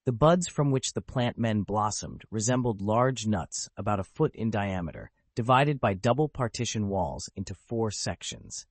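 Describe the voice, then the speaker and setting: A man's voice: lowish voice, moderate pace, hardly any pauses, no echo. A man voicing a proud, dignified pirate prince. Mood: explaining. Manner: calm, dignified, faintly ironic. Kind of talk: audiobook character voice.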